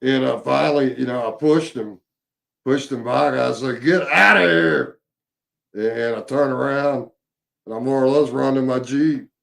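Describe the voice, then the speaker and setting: A man telling his own encounter story in a casual, halting way, with many fillers and restarts. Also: medium pitch, fairly even intonation, creaky, darkish tone.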